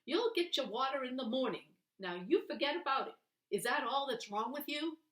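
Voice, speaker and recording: A woman voicing a loud, demanding grown man aboard a lifeboat, in a storybook reading. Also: high-pitched, lively intonation, moderate pace, roomy sound, voice pushed up. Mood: gruff. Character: bossy gruff grown man sailor.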